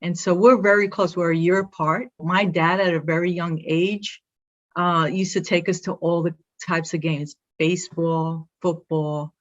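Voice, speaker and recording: A woman from Brooklyn, New York, speaking with a Brooklyn accent, appears as a guest in a casual interview and proudly tells her story as an athletic director. Her lowish voice is steady and unhurried. The highs are cut off in the recording.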